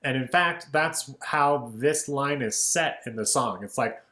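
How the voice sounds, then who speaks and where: Relaxed man explaining song lyrics. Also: medium pitch, a little slow, hardly any pauses, roomy sound. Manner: relaxed, explanatory, says "right?" and "kind of" often, speaks lyrics in rhythm. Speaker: music educator. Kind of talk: casual lyric breakdown.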